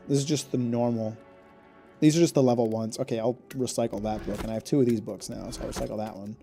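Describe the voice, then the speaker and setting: Joking male streamer with a mellow voice. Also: medium pitch, quick pace, soft background music. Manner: joking, rambling, laughs often. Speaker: game streamer. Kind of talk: casual gameplay commentary.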